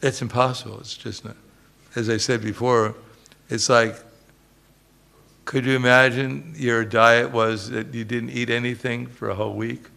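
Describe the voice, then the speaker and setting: A man's voice: mid-range voice, little pitch movement, a little slow, vocal fry, sharp tone. A man giving a religious lecture as a swami, telling humorous stories and chuckling often.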